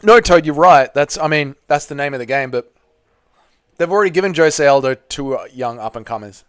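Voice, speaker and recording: A man hosting a live fight watch party, giving blunt, excitable casual commentary, swearing freely and reading chat. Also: on the high side, fairly quick, smooth, no echo, clean studio sound.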